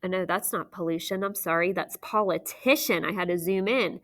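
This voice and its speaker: A woman teaching a recorded phonics lesson to children, sounding out letters slowly and clearly into a computer mic. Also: lowish voice, a bit bright. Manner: slow, clear teacher talk with drawn-out sounds.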